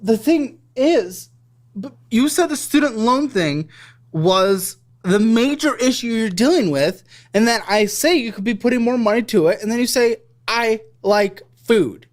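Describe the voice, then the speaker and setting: A woman's voice: a little high, lively intonation, normal speed. A woman interviewing a guest about money, blunt and scolding. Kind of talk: financial interview.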